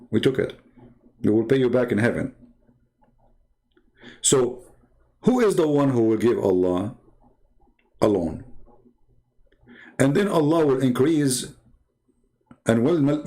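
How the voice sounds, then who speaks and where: A man with a gravelly, mid-pitched voice gives heated polemical commentary as a channel host. He talks in a combative, mocking tone, firing rhetorical questions in non-native English grammar. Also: a little mellow. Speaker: host of a religious debate channel.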